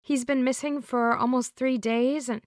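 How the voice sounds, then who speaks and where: A woman's voice: high voice, steady tone, normal speed, dry recording, studio quality, pitched above the performer's own voice, close to an everyday voice. Woman voicing an anxious, pleading young woman.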